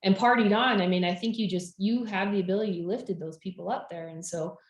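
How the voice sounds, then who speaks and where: A woman's voice: medium pitch, a little fast. A woman from California, a podcast guest and business founder, talking casually and enthusiastically with frequent restarts. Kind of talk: casual conversation. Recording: roomy echo.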